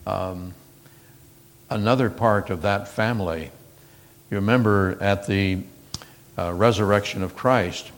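A man preaching a sermon, retelling scripture stories earnestly, with frequent fillers and restarts. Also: on the low side.

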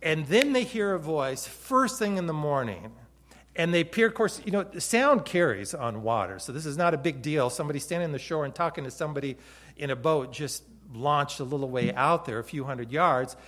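Storytelling pastor, fairly high voice. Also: male voice, animated, fairly quick. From Hawaii. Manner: storytelling with big swings between loud and soft. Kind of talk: sermon.

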